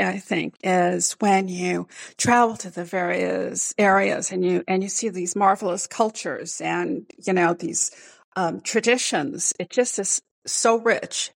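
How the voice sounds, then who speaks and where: A woman scientist chatting casually, animated and quick to laugh, often restarting her words. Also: mid-range voice, gravelly, dry recording. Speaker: scientist guest. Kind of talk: casual conversation. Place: home in Northern Kentucky.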